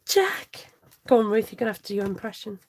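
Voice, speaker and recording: A woman's voice: medium pitch, little pitch movement, rapid-fire, a little mellow, slight background noise. A woman hosting a live craft tutorial, chatty and giggly as she reads out viewer comments. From United Kingdom. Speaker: crafting channel host.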